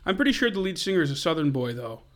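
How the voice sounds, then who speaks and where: A man co-hosts a casual podcast with a slightly raised pitch. He talks enthusiastically about the music he loves. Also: big pitch swings, very fast, a bit bright. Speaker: podcast co-host. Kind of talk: casual chat.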